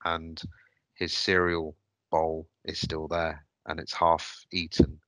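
A man hosts a podcast and tells a personal story. His voice sits very low, yet it comes across bright and forceful, and the sound is dry and close. He speaks hesitantly, pausing and restarting as he reflects. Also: level tone, no room sound. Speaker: podcast host.

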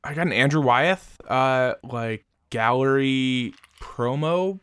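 With a fairly bright, smooth mid-range voice, a young podcast co-host speaks slowly through a laid-back, rambling chat peppered with swearing. The studio sound is clean and has no echo.

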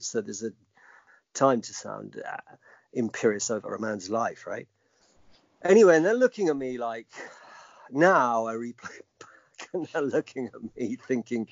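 A man's voice: mid-range voice, dry recording. A middle-aged man telling a personal story as an interview guest, emphatic and reflective. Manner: emphatic, reflective, acts out quoted speech. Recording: dull lo-fi dry recording.

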